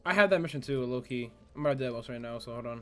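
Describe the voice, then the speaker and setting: A man's voice: mid-range voice, very fast, pushed and bright, soft background music. A young man streaming a game, chatting casually and teasing his friend in slang. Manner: slangy, teasing, laughs often. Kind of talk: casual gaming chat with a friend.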